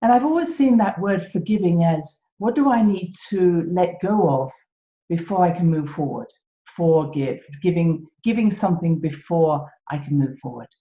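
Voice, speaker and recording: A British woman hosting a reflective solo podcast, gentle and self-mocking, laughing often at herself. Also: lowish voice, animated, moderate pace. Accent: British English. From Britain. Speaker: podcast host. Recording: echoey room, dull lo-fi sound.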